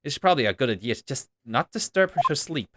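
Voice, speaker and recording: A man casually reading a detective game's dialogue aloud in a wry, relaxed playthrough. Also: medium pitch, quick pace, heavy background noise. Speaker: game streamer reading all characters. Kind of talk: game playthrough voicing the text. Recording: voice over loud game music.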